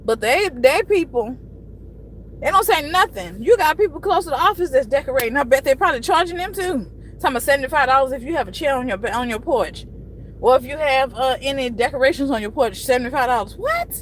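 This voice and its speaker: A frustrated woman in her thirties rants on a casual live stream, her voice pitched high as she vents and swears freely. A faint hiss of noise sits under her talk. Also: animated, fast, low-quality recording. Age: 30s. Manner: frustrated, venting, frequent cursing.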